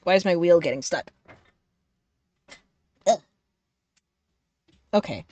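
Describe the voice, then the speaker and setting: A woman's voice: lowish voice, animated, slow pace, warm tone, no room sound. A young adult woman streaming a game live, reading its text aloud in a profane, playful way.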